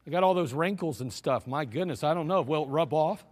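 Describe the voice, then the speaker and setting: A man's voice: a little high, brisk, darkish tone, pitched below the performer's own voice, natural voice. A man voicing a sulky, embarrassed teenager who shuns old people, in a whiny, dismissive mumble.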